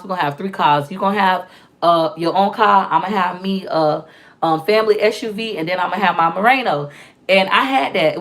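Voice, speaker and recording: A woman's voice: medium pitch, fairly bright tone. A woman, telling her life story in a candid, emphatic vlog, often acting out what others said. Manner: emphatic, repeats phrases, acts out quotes of others. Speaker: vlogger.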